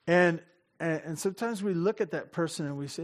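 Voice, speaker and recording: Man preacher, a bit high voice, chatty, acts out little exchanges, questions to the congregation. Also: brisk. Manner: chatty and self-interrupting, laughs often, acts out little dialogues; asks the audience direct questions. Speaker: pastor. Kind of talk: conversational sermon.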